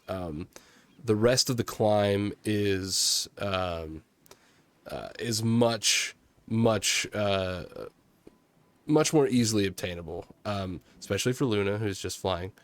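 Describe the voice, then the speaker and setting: Male gm, young adult, lowish voice, halting delivery full of ums and chuckles. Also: no echo. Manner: halting, many fillers, laughs often. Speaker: game master. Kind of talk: narrating a tabletop game.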